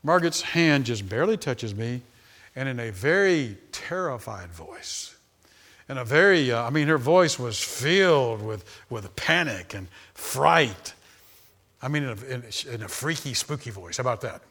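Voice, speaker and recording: A man in his sixties preaching a sermon, telling stories that start low and soft and build to loud, high, animated peaks. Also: moderate pace. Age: 60s. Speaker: pastor. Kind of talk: sermon storytelling.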